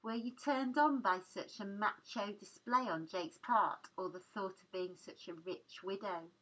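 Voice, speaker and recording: A woman's voice: medium pitch, a little slow, a bit bright, low-quality recording. Woman reading as a cold, mocking young man.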